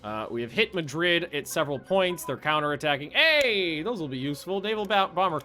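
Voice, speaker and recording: A man giving casual, chatty commentary on his strategy game, thinking aloud and getting easily excited. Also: a little high, fairly quick, soft background music. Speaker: video game streamer. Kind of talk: casual let's-play commentary.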